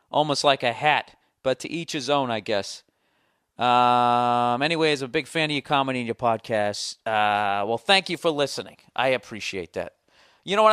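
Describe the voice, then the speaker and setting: Man ranting on his podcast, smooth voice, dry close mic, profane and sardonic. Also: mid-range voice, fairly bright tone, no room sound. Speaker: podcast host. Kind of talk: casual ranting monologue, reading listener mail.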